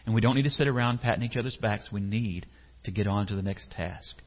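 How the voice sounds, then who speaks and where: A man's voice: fairly low pitch, quick pace. A man preaching a sermon in a conversational way, putting questions to his listeners and acting out short quotes. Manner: conversational, asks the congregation questions, acts out quotes. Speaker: pastor. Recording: echoey hall, slightly dull sound.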